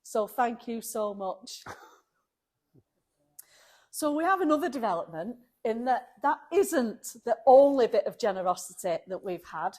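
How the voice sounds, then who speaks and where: A woman's voice: on the high side, lively intonation, unhurried, a little mellow. A woman vlogging a car restoration, chatting emotionally and laughing often. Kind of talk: casual chat to camera.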